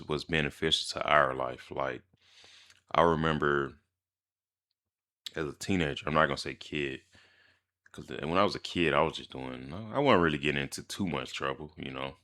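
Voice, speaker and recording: Young man, very deep but bright-edged voice, slangy storytime vlogger. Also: moderate pace, long pauses. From Mississippi, US. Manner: slangy, animated storytelling with laughs. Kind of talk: storytime vlog.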